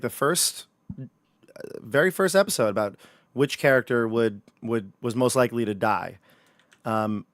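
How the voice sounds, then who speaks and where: A man's voice: medium pitch, no echo, studio quality. A man running a livestreamed tabletop horror game, joking and chatty with his players. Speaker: game master.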